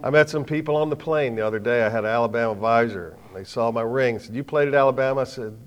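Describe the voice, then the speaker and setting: A middle-aged man with a drawl delivers a sermon in a mid-range voice. He tells folksy personal stories, punching some lines loudly and letting others fall quiet. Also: mid-range voice, quick pace. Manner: folksy, animated storytelling with sudden loud bursts and quiet drops. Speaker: preacher.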